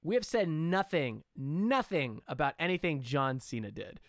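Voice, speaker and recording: A man hosting a casual film podcast, excitable and loose with swearing. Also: fairly high pitch, moderate pace, dry recording, studio quality. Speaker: podcast host.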